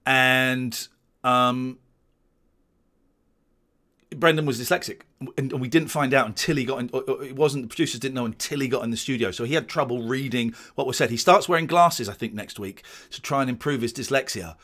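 A man's voice: medium pitch, normal speed, fairly bright tone. A man, rambling and restarting as he gives casual commentary on his old show. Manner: rambling, many restarts and stammers. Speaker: host watching back his old show.

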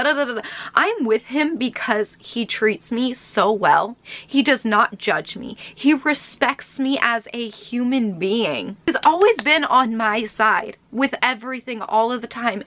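A woman's voice: medium pitch, a bit bright. A young woman vlogger telling a personal story to camera in a rambling, emotional, heartfelt way.

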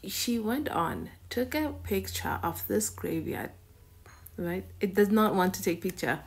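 A woman gives casual reaction commentary, talking through her thoughts in a loose, conversational way. She circles back and repeats words for emphasis, with her voice at an ordinary mid pitch. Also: expressive, a little slow, husky. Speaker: reaction video host.

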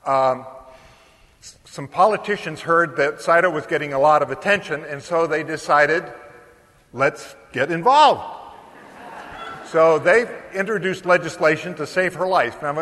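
An older man giving a keynote speech at a conference, telling a story in a lively way and often pausing on fillers. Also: on the high side. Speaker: keynote speaker. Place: large conference hall. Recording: long hall reverb.

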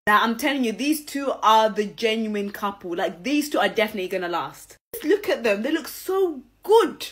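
A woman's voice: medium pitch, a little fast, few pauses, fairly bright tone. A young woman giving casual, gushing commentary on a reality TV show and talking straight to her viewers. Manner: gushing, chatty, addresses viewers directly.

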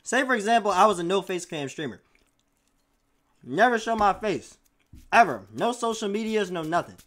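A man's voice: high voice, sing-song, moderate pace, fairly bright tone. A man streaming live, chatting casually with his viewers in loose slang, swearing and firing questions at the chat. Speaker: streamer reacting to a video.

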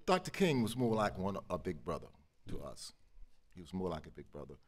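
A man's voice: low-pitched, big pitch swings, brisk. An older man recounting his memories earnestly on a stage panel, speaking with emphatic conviction. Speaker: panelist, former civil rights activist. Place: auditorium event on stage.

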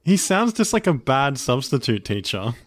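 A man with an Australian accent co-hosting a casual podcast, teasing and dry, often trailing off quieter. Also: mid-range voice, sing-song, normal speed, no echo. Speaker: podcast co-host. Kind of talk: casual chat.

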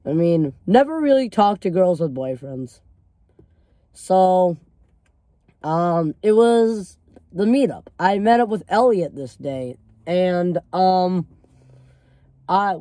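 A man's voice: high voice, lively intonation, takes it slowly, warm tone, no echo. A teenage boy telling a story in a casual vlog, rambling with lots of fillers and free swearing.

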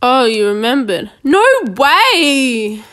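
Young woman, fairly high voice, slow easy pace, chatty and jokey while gaming. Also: very animated, fairly bright tone. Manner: chatty, jokey, talks to viewers as she plays. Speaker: gaming video creator. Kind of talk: casual gameplay commentary.

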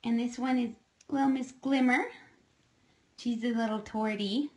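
Woman, home livestream, unhurried pace, cooing baby talk, casual chat. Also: fairly high pitch, fairly even intonation, poor audio. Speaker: kitten foster livestreamer. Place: indoors at home with kittens.

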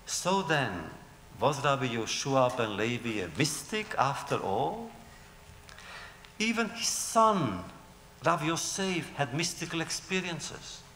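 A man giving a storytelling lecture, telling old tales with lively rhetorical questions, recorded in a large lecture hall. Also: fairly high pitch, takes it slowly, a little hiss or hum.

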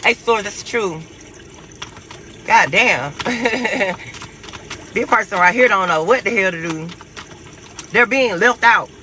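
A man giving a casual, profane tarot reading to his viewers, animated and quick to laugh. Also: high-pitched, slight background noise, low-quality recording. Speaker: tarot reader.

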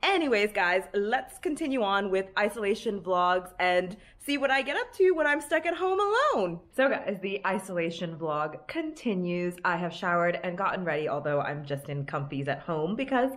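A woman's voice: medium pitch, big pitch swings, normal speed, few pauses, fairly bright tone. A young woman vlogging at home, chatting to the camera in an upbeat, rambling way. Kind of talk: casual vlog chat to camera. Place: at home in an apartment.

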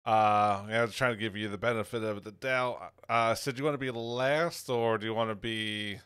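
A man acting as game master in a tabletop game, talking in halting bursts with many fillers. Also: lowish voice, steady tone, a bit bright, clean tone, no echo, studio quality. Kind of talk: running a tabletop game over voice chat.

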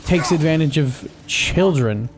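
A man's voice: on the high side, animated, measured pace. A young man giving casual let's-play commentary, trash-talking enemies with lots of swearing and joking asides. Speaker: gaming channel host. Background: game music and combat sounds.

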